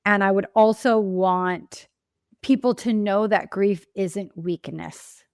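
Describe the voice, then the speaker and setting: A woman's voice: mid-range voice, takes it slowly, clear, resonant tone, dry recording, studio quality. A woman grief coach answering interview questions in an earnest, emphatic and reflective way. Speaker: grief coach and podcast guest.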